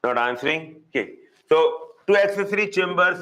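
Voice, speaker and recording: Indian guy teaching zoology online, says stuff over and over, kinda higher voice. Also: pushed and bright, rough recording. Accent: Indian English. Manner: repetitive, drilling key terms slowly. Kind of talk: live online lecture.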